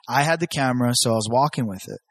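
A man's voice: medium pitch, very fast, no echo. A young man telling stories in a casual chat, swearing freely and jumping his voice up to act out what people said. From Southern California. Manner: profane, animated, acts out quotes in raised voice.

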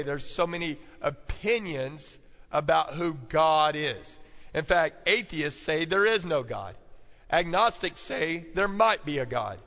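A male pastor's high-leaning voice sounds pushed and bright as he preaches in church, calling out to the congregation. He repeats important points for note-taking in call-and-response style, and the hall reverb is long.

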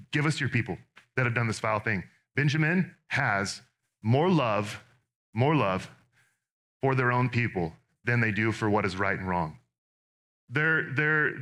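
A man preaching a sermon as pastor, earnest and direct, with quick conversational asides to his congregation. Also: fairly high pitch, pushed and bright.

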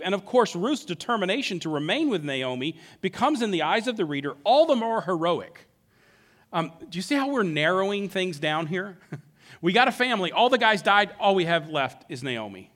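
Animated male preacher with a lively voice. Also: fairly high pitch. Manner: animated, acts out the characters' words. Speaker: pastor. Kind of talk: sermon.

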